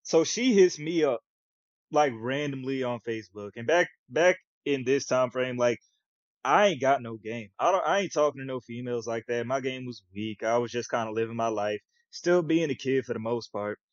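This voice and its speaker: A young man co-hosts a podcast at normal speed, telling a story in casual, slangy chat. He's animated, acting out quotes with big jumps in pitch, and the recording is dry, dull, lo-fi podcast audio.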